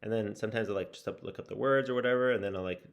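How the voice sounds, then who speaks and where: Racing along in a lowish voice with vocal fry and fairly even intonation, this man, a native English speaker, records a casual video update on his language learning. The sound is lo-fi, and he rambles reflectively, full of fillers and restarts.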